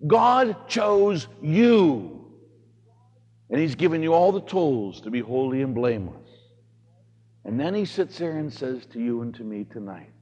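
Animated priest preaching in a reverberant hall. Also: male voice, mid-range voice, measured pace, breathy edge. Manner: animated storytelling, swings from hushed to shouting. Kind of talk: homily.

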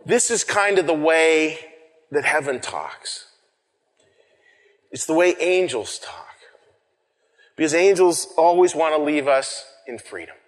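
Conversational preacher with a big-hall echo. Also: male voice, on the high side, expressive, takes it slowly, pauses often. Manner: swings from shouting to hushed whispers for effect; repeats words and restarts, conversational. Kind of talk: sermon. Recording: long reverb of a hall.

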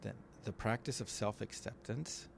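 A man with a lowish voice co-hosts a relaxed podcast conversation. He talks through ideas patiently and in a measured way, stopping now and then to find his words. A faint hum of room ambience sits behind him. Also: vocal fry. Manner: thoughtful, explains step by step with pauses and fillers. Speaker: podcast co-host.

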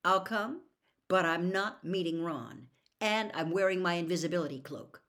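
A woman's voice: on the low side, normal speed, lightly acted. A woman voicing a stubborn, sulky teenage schoolboy in an audiobook reading. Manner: stubborn, flat.

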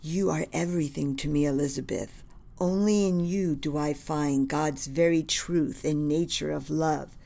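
A woman's voice: low voice, steady tone, measured pace, gravelly, warm tone. A woman reading the lines of a devoted male general in love, earnest and reverent in manner. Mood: tender.

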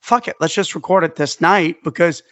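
A man co-hosting a podcast in casual, profane chat, his voice going hoarse. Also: a little high, normal speed, fairly bright tone, no echo, muffled recording. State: losing his voice. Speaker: podcast co-host.

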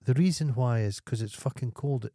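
A man's voice: mid-range voice, moderate pace, mellow, dry recording. Teasing Scottish man, dry close sound. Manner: teasing, swears freely, acts out anecdotes. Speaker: podcast co-host. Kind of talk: casual banter.

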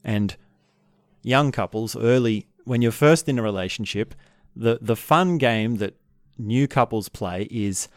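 A man calmly teaching about relationships in an unhurried, reflective way, sometimes acting out what couples say. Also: medium pitch, no echo, clean studio sound. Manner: calm, unhurried, acts out quoted couples.

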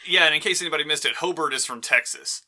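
Joking guy voice actor, very bright tone, easygoing, laughs a lot. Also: on the high side, fast, slight background noise. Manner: laid-back, joking, laughs often. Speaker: voice actor guest. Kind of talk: casual chat.

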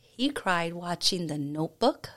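A woman's voice: on the low side, animated, measured pace, a bit bright. Earnest woman sharing a sweet story. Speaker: podcast guest, partner of a host. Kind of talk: casual chat.

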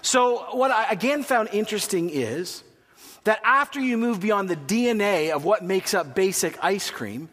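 A man's voice: sits high, animated, moderate pace, a bit bright. A Canadian man preaching a sermon in a chatty, joking way, asking the congregation questions. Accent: Canadian English. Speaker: pastor. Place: church hall. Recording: long hall reverb.

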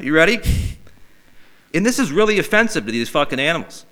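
A man's voice: fairly high pitch, brisk, pauses often. A middle-aged man hosting a casual comedy podcast, swearing freely and putting on mock outrage. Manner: profane, animated, mock-outraged. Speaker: podcast host.

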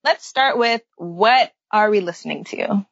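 A woman's voice: mid-range voice, measured pace, a little hiss or hum. A woman hosting a podcast in casual chat, talking with enthusiasm and plenty of fillers. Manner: chatty, enthusiastic, many fillers. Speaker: podcast host. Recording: dull lo-fi dry recording.

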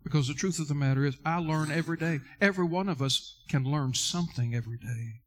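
A man's voice: a little high, quick pace, fairly bright tone. A male pastor preaching a sermon earnestly, addressing listeners directly and repeating key words for emphasis.

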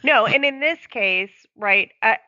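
A woman's voice: fairly high pitch, slow, bright, forceful tone, no echo. A woman dog owner calling in and explaining her dog's problems at length in casual chat. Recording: dry, dull lo-fi sound.

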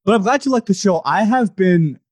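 A fairly high, mellow male voice that jumps around a lot in pitch as he jokes through a casual podcast chat. He is animated and playful as a co-host. The sound is dry and close to the mic. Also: slightly rough, no room sound. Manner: animated and jokey, with quick swings in pitch.

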